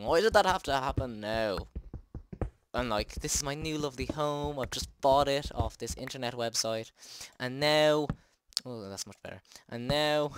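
A gaming channel host with a medium-pitched voice chats through a let's play, joking at his own expense with jumpy exclamations. There's a little hiss or hum in the audio.

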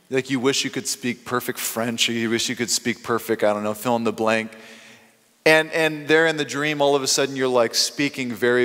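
Male preacher, mid pitch, animated, loud and soft swings, long hall reverb. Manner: animated storytelling with quick swings in loudness. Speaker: pastor. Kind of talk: sermon.

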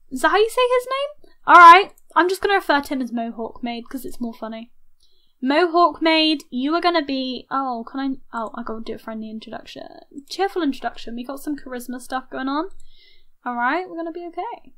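A young woman giving chatty let's-play commentary, reacting loudly to her game with gasps and laughs. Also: high-pitched. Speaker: gaming YouTuber.

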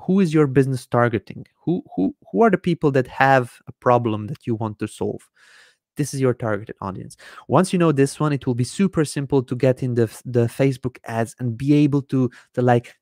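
A man's voice: mid-range voice, dry recording. Guy running a live marketing webinar, gets worked up, laughs a lot, lots of um and like, dry close sound. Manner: excitable, laughs often, many fillers and restarts. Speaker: marketing trainer on a live stream.

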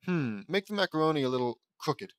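Brief: man playing a spoiled little girl, high, sugary and demanding, dry close sound. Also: big pitch swings, brisk, smooth, no echo.

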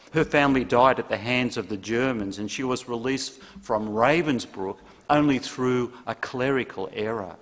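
Measured preaching man in a church. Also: mid-range voice, a bit bright, long reverb tail. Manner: earnest, measured preaching with emphatic pauses. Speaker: pastor. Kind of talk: sermon.

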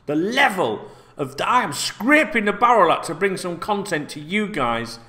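A man's voice: high-pitched, sing-song, normal speed, pushed and bright. A man hosting a football news channel, reading out stories and ranting with sarcastic, sweary asides. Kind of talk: casual ranting news read-through.

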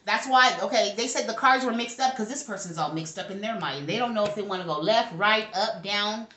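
A woman's voice: mid-range voice, a little fast, pushed and bright, reverberant, slight background noise. A woman giving a casual tarot reading to camera, brash and profane, talking back to her spirits as she goes. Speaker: tarot reader.

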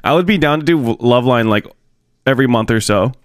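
A man's voice: mid-range voice, animated, fast, clean tone, dry recording, studio quality. A young man reacting to a video on his stream, rambling and bemused as he talks to his chat. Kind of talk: casual stream commentary.

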